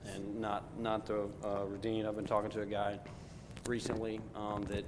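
A man in a Bible class speaking quietly and hesitantly from across the room. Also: on the low side, completely flat delivery, moderate pace. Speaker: class member. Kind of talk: sharing in a group discussion. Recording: distant in a reverberant hall with clear noise.

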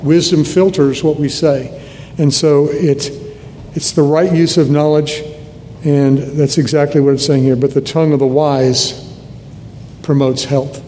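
Older preacher with a mellow voice in a reverberant hall. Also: male voice, steady tone, a little slow. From United States (Nebraska). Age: 70s. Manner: earnest, conversational preaching with restarts. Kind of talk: sermon. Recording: long hall reverb, faint rumble.

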